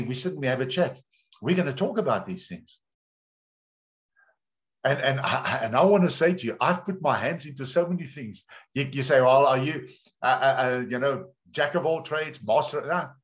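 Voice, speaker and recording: Man preaching a sermon. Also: mid-range voice. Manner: conversational storytelling preacher, repeats words. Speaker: pastor. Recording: dull lo-fi sound.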